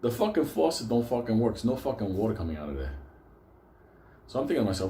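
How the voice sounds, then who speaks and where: Profane storytelling man, dark echoey sound. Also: medium pitch, fast, slight background noise. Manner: swearing constantly, animated storytelling. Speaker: show host. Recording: echoey room with faint ambience.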